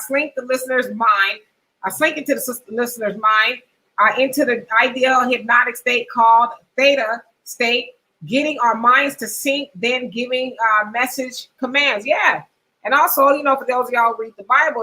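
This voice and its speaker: Middle-aged woman host, bright and lively, chatty live-stream talk, reads comments aloud. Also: fairly high pitch, low-quality recording. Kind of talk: casual live-stream chat reading comments.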